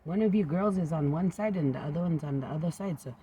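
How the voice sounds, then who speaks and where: A man's voice: on the high side, fast talker, warm tone, slight background noise. A man rambling into a home recording, drifting from topic to topic and often sinking to a near-whisper.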